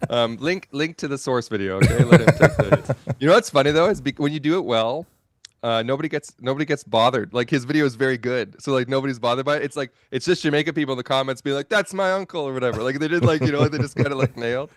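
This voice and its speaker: A man's voice: medium pitch, fast, no room sound, studio quality. A man in a casual online panel chat about cameras, rambling through his point and laughing at his own stories.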